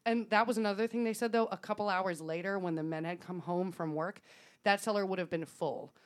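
A woman on a podcast recounts a story in relaxed, chatty fashion. Her pitch sits in an ordinary middle range, and she scatters fillers and the odd swear word through her telling. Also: brisk. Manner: laughs often, swears casually, fillers like "um" and "like". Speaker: podcast co-host. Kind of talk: casual storytelling chat.

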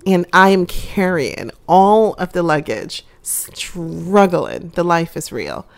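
A woman's voice: on the low side, big pitch swings, slow pace, creaky. A woman co-hosting a podcast, telling a story in a dramatic, self-mocking casual chat. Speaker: podcast co-host.

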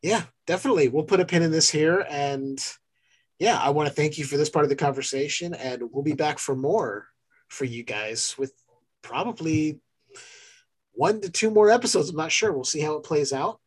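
A man hosting a podcast, chatting loosely, laughing often, then reading off the show's links and plugs in a steady run. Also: a little high, normal speed, slightly rough, low-quality recording. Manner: relaxed, laughs often, lists links in a steady promo read. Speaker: podcast host. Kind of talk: casual chat and show outro.

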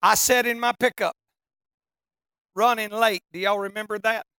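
Gravelly preacher telling a tall tale. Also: medium pitch, moderate pace, no room sound, studio quality. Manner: folksy, animated, bursts into shouting. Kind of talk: humorous storytelling sermon.

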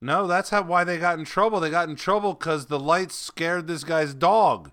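A man's voice: fairly high pitch, normal speed, a bit bright, no echo, clean studio sound. A man hosting a casual chat, joking and teasing the others.

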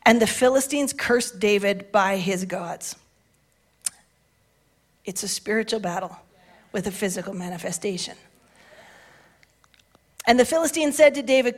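A woman's voice: medium pitch, animated, measured pace, long pauses. A woman preaching a sermon, reading scripture and breaking into casual asides with fervent energy. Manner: fervent, building to shouted declarations.

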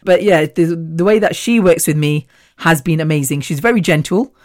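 A woman's voice: low voice, normal speed, a little mellow. A woman hosting her own podcast in a casual, rambling solo chat, laughing often between thoughts. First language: Punjabi. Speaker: podcast host.

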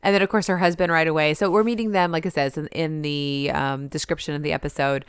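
A woman's voice: low-pitched, steady tone, fast talker, clean tone, no room sound, studio quality. A woman co-hosting a podcast in casual chat, wry and sarcastic, often laughing. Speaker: podcast co-host.

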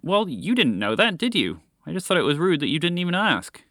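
A man's voice: a little high, big pitch swings, a little fast, a bit bright, dry recording, clean studio sound, voice pushed up. A man voicing a small, impatient chocolate lab dog who talks in a judgmental, exasperated, condescending way in a storybook tale. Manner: judgmental, exasperated, matter-of-fact.

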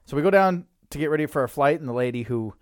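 A man's voice: on the high side, lively intonation, quick pace, dry recording, clean studio sound. A man from Canada hosting a podcast, telling a travel story in a chatty way and laughing often. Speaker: podcast host. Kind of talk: casual podcast chat.

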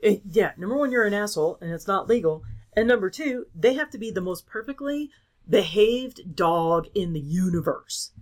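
A woman's voice: medium pitch, expressive, moderate pace. A woman co-hosting a casual chat, ranting and swearing freely as she tells a story.

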